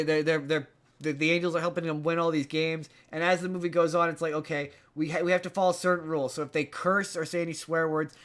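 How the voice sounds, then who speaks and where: Podcast co-host, male, slightly high voice, loose rambling plot recap. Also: a bit bright. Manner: rambling, many restarts, puts on character voices in retellings. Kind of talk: casual chat, retelling a movie plot.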